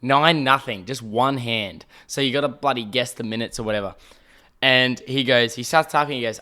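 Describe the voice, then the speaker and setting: A man's voice: mid-range voice, moderate pace, pushed and bright, smooth. A young Australian man telling a long comic story on his podcast, rambling, swearing often and acting out the people in it. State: throat irritated by smoke. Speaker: podcast host. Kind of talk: casual storytelling monologue.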